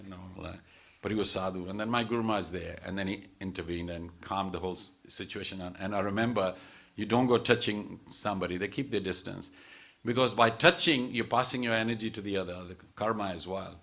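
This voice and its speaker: A man's voice: lowish voice, pushed and bright. A man giving a temple talk as a sermon, telling stories in a chatty way with many asides and restarts. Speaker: temple speaker. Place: temple hall.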